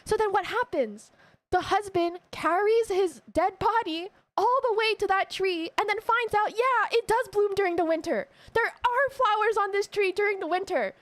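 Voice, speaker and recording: A woman with a high, bright voice retells a story to her stream audience in a casual, emotional way. She talks with lots of feeling and laughs often. The sound is dry and close. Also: normal speed, dry recording.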